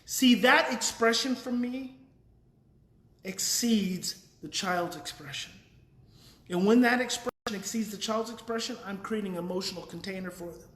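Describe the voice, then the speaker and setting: A man's voice: sits high, normal speed, a bit bright, reverberant. A man hosting a daily live parenting talk, explaining earnestly in a casual way and thinking aloud with restarts while reading viewer comments.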